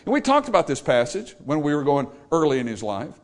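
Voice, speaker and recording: A man's voice: fairly high pitch, fairly quick. A man preaching a sermon, storytelling and acting out the people he quotes. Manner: animated, acts out quoted voices.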